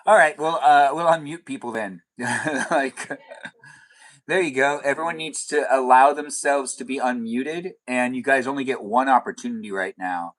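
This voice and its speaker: A man's voice: mid-range voice, normal speed, fairly bright tone. A man hosting a casual live stream, upbeat and playful as he directs the guests.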